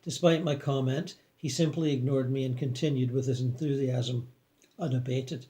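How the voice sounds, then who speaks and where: In a medium-pitched voice, a man narrates a first-person afterlife tale from a script. His reading is calm and measured.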